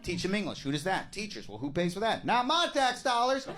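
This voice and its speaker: A man doing a stand-up set, mocking and animated as he acts out voices. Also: high-pitched, brisk. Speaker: stand-up comedian. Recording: loud club crowd.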